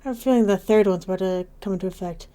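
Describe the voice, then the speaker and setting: A woman's voice: medium pitch, very fast, warm tone. Woman reading a visual novel aloud. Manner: reads dialogue aloud, laughing and swearing asides. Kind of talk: casual let's-play narration. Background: game music.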